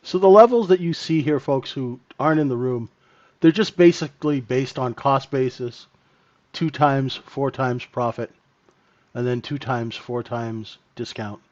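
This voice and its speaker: A man talks through the market live for his trading room, relaxed and unhurried, thinking aloud as he goes. His voice sits at an ordinary middle pitch. The audio is a little dull and lo-fi, like a home stream. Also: no echo. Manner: casual, thinking aloud over the charts. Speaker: futures trading room host.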